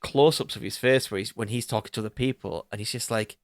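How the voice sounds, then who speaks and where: A man co-hosting a podcast, chatting casually about a film, animated and swearing freely, often mimicking characters. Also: mid-range voice, brisk, few pauses, no echo, clean studio sound. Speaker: podcast co-host. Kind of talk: casual film review chat.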